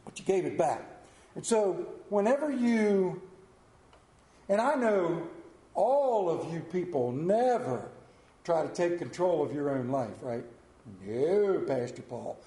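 A man preaching a sermon as pastor, swinging from hushed lines to loud ones. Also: fairly high pitch, lively intonation, slow pace, echoey room.

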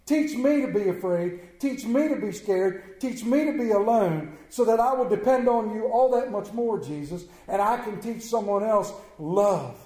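A man's voice: high voice, moderate pace, few pauses, dark tone. A man preaching a sermon in a church, emphatic and plain-spoken, with rhetorical questions, repeated phrases and folksy asides. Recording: echoey room.

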